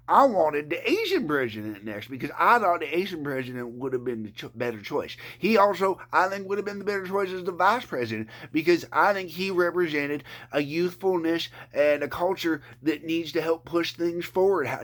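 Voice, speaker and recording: A man from Canada rants straight to camera in a rambling, foul-mouthed way, often stammering and restarting his sentences. His voice sits a bit high for a man and sounds bright and forceful. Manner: profane, rambling, stammering rant. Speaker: vlogger.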